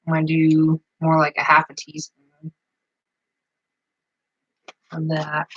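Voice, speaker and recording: A woman's voice: lowish voice, a bit bright, no echo, low-quality recording. A woman chatting casually as she shows a recipe at her farmhouse table, rambling with plenty of fillers. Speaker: home cook vlogger. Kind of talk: casual cooking demonstration.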